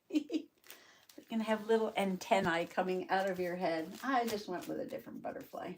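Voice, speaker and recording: At her craft table, a journaling channel host chats casually with viewers by name during a live stream, laughing often. She speaks at normal speed in a medium-pitched voice, with slight background noise.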